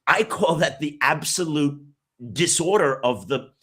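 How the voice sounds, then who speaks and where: A man's voice: fairly high pitch, unhurried, bright, forceful tone, husky. A man who hosts a podcast, giving emphatic interview commentary full of rhetorical questions. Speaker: podcast host as guest.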